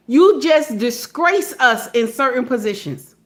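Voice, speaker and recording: A woman speaking in a casual monologue, blunt and animated, acting out phone calls and driving points home with repeated "okay?". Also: high voice, a little slow. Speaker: social media commentator.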